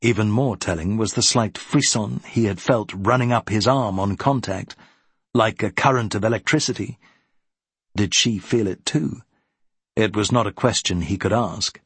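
A man narrating a period novel as an audiobook in a steady, even manner. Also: fairly low pitch, moderate pace, husky, no echo.

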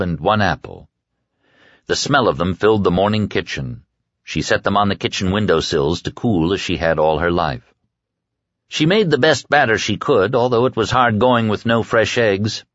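Low-voiced man narrating an audiobook. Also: fairly bright tone, no echo, highs cut off. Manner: measured, storytelling. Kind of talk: scripted narration.

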